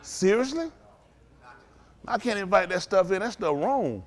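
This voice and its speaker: A man's voice: high voice, very animated, unhurried. A man preaching a loose, conversational sermon, chuckling often and asking the congregation to agree. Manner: chuckling, asks the congregation "ain't that right?".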